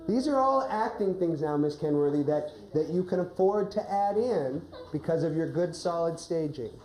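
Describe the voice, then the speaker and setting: A woman's voice: fairly low pitch, lively intonation, normal speed, dark tone. A woman drama coach giving instructions in a classroom, ending phrases with "right?". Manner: keeps adding "right?" while instructing. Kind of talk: coaching a teacher during a lesson. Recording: echoey room.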